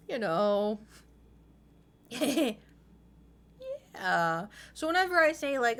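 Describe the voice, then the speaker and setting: A woman's voice: fairly high pitch, big pitch swings, drawn-out words, pauses often, a bit bright. A young woman with a slight lisp from braces, chatting casually on a live stream and telling rambling, self-mocking stories with frequent laughter.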